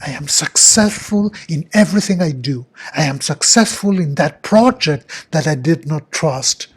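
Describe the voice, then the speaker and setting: Older man, husky voice, fairly high pitch, earnest guided affirmations. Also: expressive. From Argentina. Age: 60s. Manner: slow, repetitive, earnest questioning. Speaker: self-help speaker.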